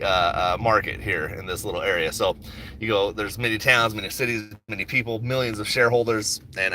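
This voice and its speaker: A stock market vlogger with a fairly low voice and sharp tone chats casually on a phone livestream about his stock picks, driving and then waiting in a coffee shop line. He's laid-back and rambling, joking, swearing freely and laughing often; there's a little hiss or hum.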